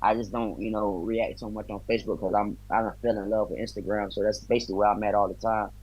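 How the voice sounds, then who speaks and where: A man's voice: lowish voice, flat delivery, quick pace, a little mellow, breathy edge, highs cut off. A man, a bare-knuckle fighter from the US, chatting as a guest on a video call, friendly and talkative, with loose slang. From United States. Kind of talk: casual interview chat.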